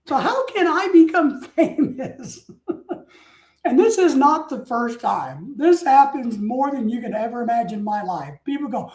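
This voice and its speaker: A talkative man with a high, very lively voice that swoops up and down as he rambles through stories. He drifts off topic and bursts into mock outrage. The sound is roomy and echoey. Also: unhurried. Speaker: streamer. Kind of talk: rambling casual storytelling. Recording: roomy echo.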